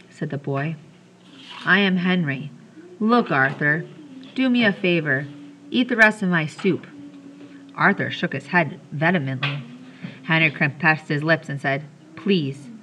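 A woman reads a children's story aloud in a bright, clear voice that sits a little low in pitch. She tells it gently and gives the characters light voices. A faint ambient hiss stays behind her. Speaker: audiobook reader. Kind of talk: reading a children's novel aloud.

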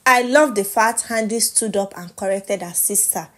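A young Nigerian woman with a Nigerian accent, recapping reality show drama in a casual gossip vlog, animated and laughing with Pidgin asides. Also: medium pitch, normal speed.

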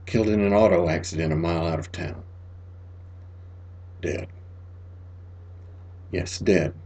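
A man reading the lines of a grieving mother in a quiet, flat, low voice. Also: unhurried, husky, full character voice. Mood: hushed, weary. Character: grieving mother, calm and weary woman.

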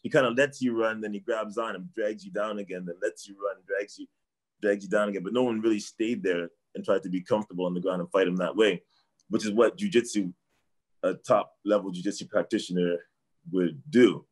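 In a lowish, steady voice at a fairly quick clip, a middle-aged Canadian guest who trains martial arts chats casually about sports. He tends to ramble, says things more than once, and trails off with "I don't know."

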